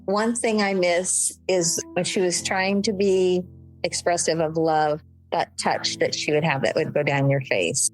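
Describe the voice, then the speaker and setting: Over soft background music on a low-quality recording, an older woman speaks in a low, steady, slightly slow voice. As a guest in an emotional conversational interview, she talks candidly about her late mother, sometimes laughing through tears.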